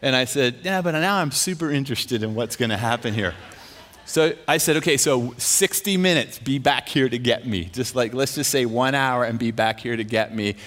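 A preacher telling a story in a sermon. He is animated and self-mocking, and he often laughs as he talks. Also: medium pitch, moderate pace.

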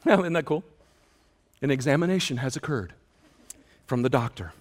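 A man preaching a sermon in an auditorium, telling stories with lively acted-out dialogue. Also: moderate pace. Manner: animated storytelling, acts out dialogue with loud high shouts. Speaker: pastor.

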